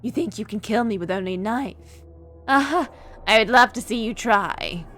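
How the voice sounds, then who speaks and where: A woman reading a cold, calm young man who craves violence, in an even, measured voice while reading a game aloud. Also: fairly high pitch, faint music behind, lightly acted.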